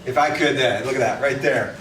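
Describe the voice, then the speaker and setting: A man's voice: mid-range voice, fairly quick, heavy background noise. A man giving a casual workshop talk to real estate agents, blunt and conversational, coaching them. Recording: echoey room from far off.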